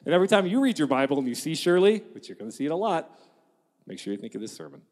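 A man preaching a sermon in an animated, joking way, acting out quotes and laughing at his own jokes. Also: fairly high pitch, racing. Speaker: pastor. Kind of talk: lively sermon. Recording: long reverb of a large hall.

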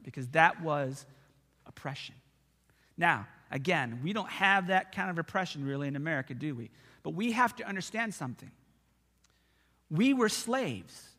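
Speaking at normal speed with frequent pauses, a pastor whose voice runs on the high side shares personal stories during a sermon to his church. His delivery is conversational, animated and expressive, and long reverb from the sanctuary fills the recording.

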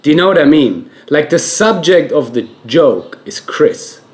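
A man co-hosting a casual podcast, earnestly explaining his view with halting restarts. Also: a little high, big pitch swings. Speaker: podcast co-host. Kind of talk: casual chat.

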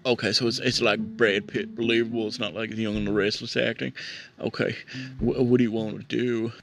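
A man's voice: lowish voice, flat delivery, a little fast, gravelly, noisy background. A man doing nervous comedic banter, stammering and repeating words as he talks to a chatbot. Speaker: prank caller chatting with a chatbot.

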